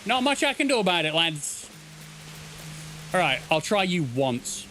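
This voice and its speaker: A man commenting on his own gameplay in an animated, joking way, swearing freely and shouting at characters. His voice is fairly high and very bright, with faint music playing behind. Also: a little slow. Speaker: gaming streamer. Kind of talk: casual let's-play commentary.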